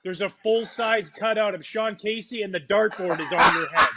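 A man's voice: sits high, normal speed, muffled recording, very noisy. A man hosting a casual interview, chatting in a friendly way and full of praise for his guest. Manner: friendly, effusive praise, relaxed. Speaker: host.

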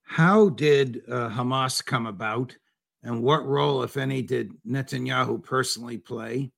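A male interviewer with a gravelly, fry-laden voice asks short, halting questions. His pitch sits in the middle range. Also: a bit bright.

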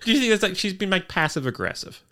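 A man co-hosting a casual podcast recap, talking in a dry, wry way with deadpan asides. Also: sits high, fast. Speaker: podcast co-host.

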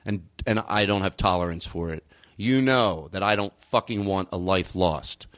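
A man hosting a podcast, ranting, swearing and jumping his pitch for emphasis. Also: normal speed, a bit bright. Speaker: podcast host. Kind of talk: heated podcast rant.

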